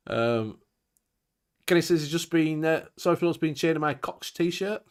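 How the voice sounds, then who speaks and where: Reading out comments from his viewers, this English host of a relaxed live-stream chat speaks at a measured pace in a somewhat high voice. He laughs a lot and drops swear words casually.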